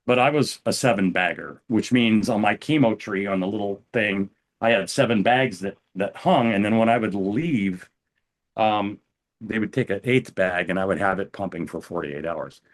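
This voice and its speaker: Older man, low calm halting voice. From United States. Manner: calm, halting, with frequent restarts. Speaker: interview guest. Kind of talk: personal storytelling.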